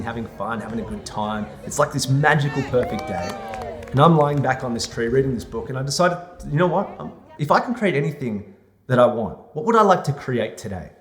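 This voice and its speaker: A young adult man telling a personal story in an animated monologue, acting out the other people's lines. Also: mid-range voice. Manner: animated, re-enacts scenes with lively quoted voices. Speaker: vlogger.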